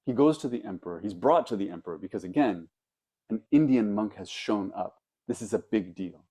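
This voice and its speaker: A Zen teacher with a low, mellow male voice gives a dharma talk. He tells old stories slowly and reflectively, pausing to let points sink in. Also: lively intonation, husky. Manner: reflective storytelling with pauses.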